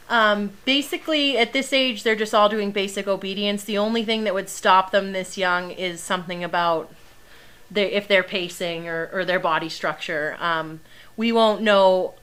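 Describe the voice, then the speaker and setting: A woman's voice: medium pitch, steady tone, moderate pace, fairly bright tone, clean tone. A young woman training service dogs, chatting casually through a live Q&A, laughing often and filling with ums and likes. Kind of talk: casual livestream Q&A.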